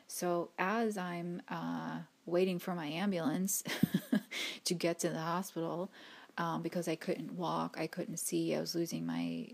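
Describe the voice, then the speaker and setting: Gravelly low-voiced woman telling a story. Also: darkish tone. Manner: rambling, restarts, many fillers, drops to a whisper at times. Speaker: spiritual reader and vlogger. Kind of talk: personal storytelling vlog.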